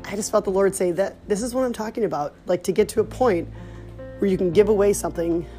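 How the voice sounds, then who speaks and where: A woman speaking in a middle pitch, earnest and animated as she retells her own faith stories. Her casual storytelling carries over soft music in the background. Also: fast talker. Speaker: mother sharing faith stories.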